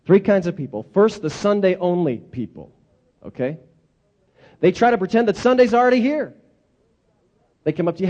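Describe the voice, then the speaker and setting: A man delivers a sermon as animated storytelling, leaning on dramatic repetition. His voice sits high and swings widely in pitch. The recording sounds dull and lo-fi. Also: normal speed, long pauses. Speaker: pastor.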